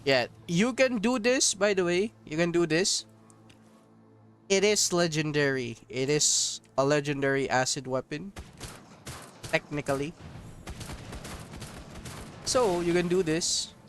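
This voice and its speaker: A man's voice: a little high, takes it slowly, pauses often, fairly bright tone, soft background music. A man streaming a mobile game, giving casual, joking commentary to his viewers. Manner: joking, profane, talks to viewers as homies.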